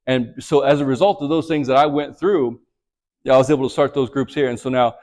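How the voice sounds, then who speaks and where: A man's voice: medium pitch, fairly even intonation, fairly quick, darkish tone. A man leading a men's church group, teaching a lesson and sharing his own testimony in a conversational way, often checking in with "right?".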